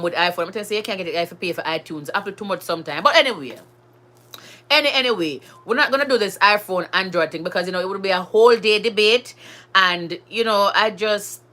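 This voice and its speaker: This vlogger, an adult Jamaican woman with school-age kids, speaks in a mid-range voice with a sharp edge. Her casual talk to camera is chatty and emphatic, switching between standard English and patois.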